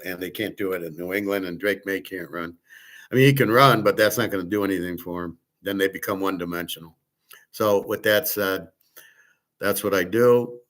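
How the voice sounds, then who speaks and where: Blunt, profane low-voiced man. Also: fairly bright tone. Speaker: host. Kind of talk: casual market commentary livestream.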